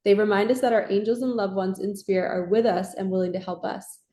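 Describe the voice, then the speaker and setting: A woman giving a casual spiritual card reading in a soft, reassuring, affirming way. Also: medium pitch, steady tone, fast, a little hiss or hum. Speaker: tarot and oracle card reader. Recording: echoey room.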